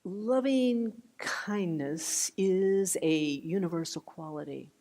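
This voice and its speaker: An older woman giving a meditation talk, gentle and unhurried, with soft trailing phrases and restarts. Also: fairly low pitch. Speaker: meditation teacher. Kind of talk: dharma talk. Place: meditation hall.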